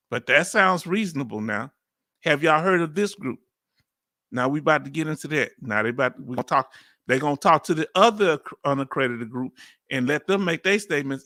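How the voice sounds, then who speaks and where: A man with a Southern accent hosting a reaction video, talking casually in a playful, animated way and laughing often. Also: fairly high pitch, no echo, studio quality. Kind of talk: casual live reaction commentary.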